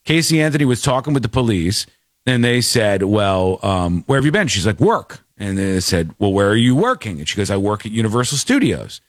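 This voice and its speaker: A man's voice: lowish voice, very animated, brisk, no echo, clean studio sound. A man telling a story in casual chat, acting out the people in it with shifting voices. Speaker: podcast host.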